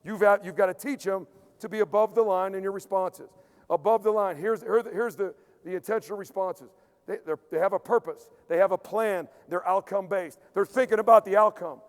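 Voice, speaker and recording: Speaking briskly in a high voice, a strength coach lectures emphatically at a conference. He hammers key points through repetition and drops into hushed, acted-out asides, all under long hall reverb.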